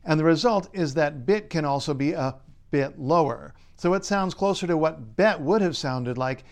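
A male linguist narrates a scripted explainer in a slightly high voice. He sounds clear and wry, with light humor running through the read. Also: normal speed. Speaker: linguist and writer.

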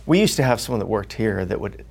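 A man hosting a conversational interview, asking relaxed, thoughtful questions. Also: lowish voice, fast talker, vocal fry. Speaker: interviewer host.

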